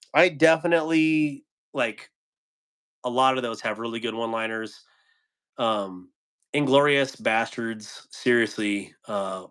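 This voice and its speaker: Male livestream host, casual and relaxed, mid-range voice, reads chat between chuckles. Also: mid-range voice. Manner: laid-back, chuckles often, trails off with ums.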